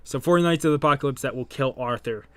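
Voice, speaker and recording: A man gives casual reaction commentary at an ordinary mid-range pitch. He rambles in a relaxed way and corrects himself mid-sentence. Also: fast, dry recording. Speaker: manga reaction video host.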